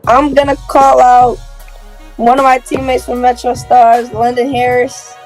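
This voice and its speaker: Young female athlete guest, slightly high, soft-spoken interview answers. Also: level tone, measured pace, faint music behind. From Minneapolis, USA. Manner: soft-spoken, plain, listing names. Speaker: guest, basketball player.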